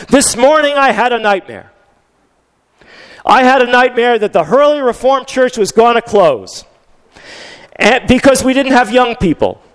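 A man's voice: extremely high pitch, clean tone. An older male pastor telling a story in a conversational sermon, with frequent restarts.

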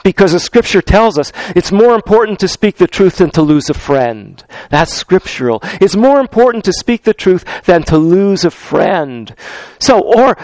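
High-voiced, lively male preacher. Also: no echo. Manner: unhurried, repeats key phrases for emphasis; addresses congregation directly. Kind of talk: sermon.

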